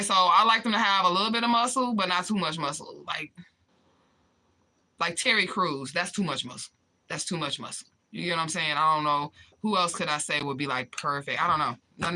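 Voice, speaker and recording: A woman's voice: sits low, sharp tone. A woman talking casually on a livestream, reading viewers' comments aloud and answering them with candid, profane remarks and frequent laughter.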